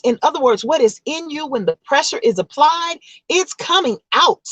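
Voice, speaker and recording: A woman life coach delivers a motivational vlog talk in an emphatic, repetitive, preaching rhythm. Her fairly high voice carries a husky grain. The sound is dry and close. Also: animated, normal speed, no echo, poor audio.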